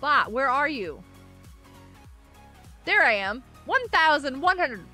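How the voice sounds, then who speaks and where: A woman's voice: high-pitched, very animated, takes it slowly, bright, forceful tone, soft background music. A woman hosting a casual gaming livestream, chatting with viewers, giggling often and reading out chat messages. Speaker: livestream host.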